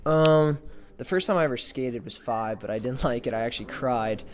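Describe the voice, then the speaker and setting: A young hockey player from New York answers interview questions. His talk is casual and halting, full of fillers and restarts. His voice sits at an ordinary middle pitch. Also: faint music behind. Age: young adult.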